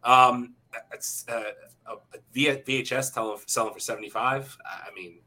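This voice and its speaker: A man co-hosting a podcast in casual chat, animated and swearing freely, often laughing. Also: medium pitch, normal speed. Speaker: podcast co-host.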